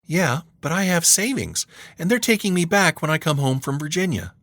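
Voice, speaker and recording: A stubborn teenage girl with a raised, sassy tone and quick, dry comebacks, put on by a male audiobook narrator. Her voice sits well above his own deep register and bounces around as she deflects. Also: expressive, a bit bright, no echo.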